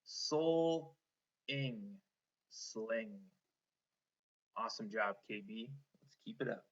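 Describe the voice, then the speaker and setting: A man's voice: on the low side, level tone, measured pace, bright, forceful tone, dull audio. A man teaching a one-on-one spelling lesson, patiently sounding out words letter by letter and encouraging the student.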